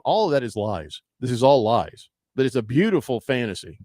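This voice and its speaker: A man hosting sports radio talk, jokey and animated, reading listener comments aloud. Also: mid-range voice, a little fast, no echo, clean studio sound. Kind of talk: casual sports radio banter.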